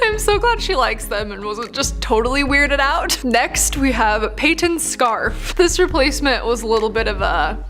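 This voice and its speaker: A woman's voice: on the high side, sing-song, normal speed, a bit bright, soft background music. A young woman hosting a casual unboxing vlog, bubbly and laughing often. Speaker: vlogger host.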